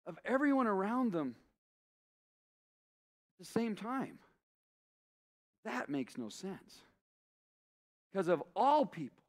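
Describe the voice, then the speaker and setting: A male pastor delivers a sermon in a fairly high voice. He preaches with passion, stacking repeated phrases to press his point home. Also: fairly bright tone.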